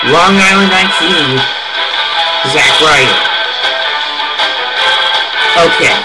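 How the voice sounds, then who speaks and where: A man's voice: fairly high pitch, a little slow, long pauses, low-quality recording. A man giving his fight predictions in a casual monologue, opinionated and prone to heated rants. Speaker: wrestling fan giving event predictions. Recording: music playing under the voice.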